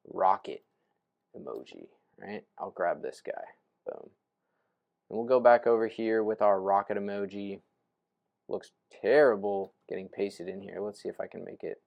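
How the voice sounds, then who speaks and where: A young adult man giving a casual screen-share lesson on writing posts, thinking aloud as he types and punctuating steps with "right?" and "boom.". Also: creaky, muffled recording. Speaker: real estate investing coach.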